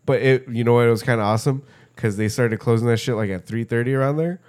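A man's voice: medium pitch, fast, darkish tone. Male podcast co-host, loose profane storyteller who trips over his words. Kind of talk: casual chat.

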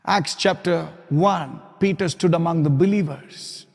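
A high-voiced man with a gravelly, husky edge delivers a sermon as a pastor, hammering his points home through loud repetition. His voice rings with the long reverb of a hall. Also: a little slow. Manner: preaching, rising to loud emphatic repetition.

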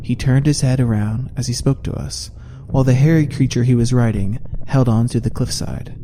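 A man narrates a fantasy audiobook in a steady, measured first-person reading. His voice is mellow and dark in tone, sitting at an ordinary pitch, with a faint background hiss.

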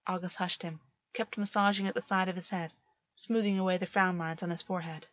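Female audiobook narrator, measured delivery, dry lo-fi home recording. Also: lowish voice, steady tone, a bit bright, dry recording. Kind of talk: audiobook reading of fan fiction. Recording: dull lo-fi, dry.

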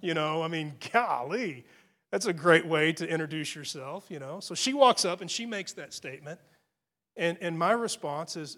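A man's voice: a little high, normal speed, fairly bright tone. A man preaching a sermon as a pastor, telling a story in a conversational way and often restarting his phrases.

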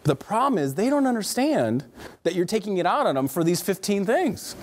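Animated male counselor giving a talk. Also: fairly quick, a little hiss or hum. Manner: animated, emphatic, swings pitch high for emphasis. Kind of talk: faith-based parenting talk.

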